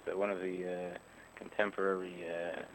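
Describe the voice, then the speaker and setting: A man explaining religious texts in a thoughtful, measured way, pausing often with "uh" as he thinks. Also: low voice, level tone, gravelly, a little hiss or hum, rough recording. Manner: thoughtful, measured, frequent "uh" pauses, occasional chuckles. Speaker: guest, rabbinic scholar. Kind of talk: conversational explanation.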